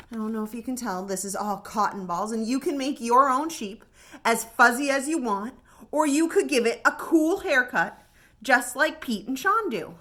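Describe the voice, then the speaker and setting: A woman librarian with an American accent, reading a picture book aloud at storytime in an expressive way. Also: on the high side. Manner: animated, expressive. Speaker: children's librarian.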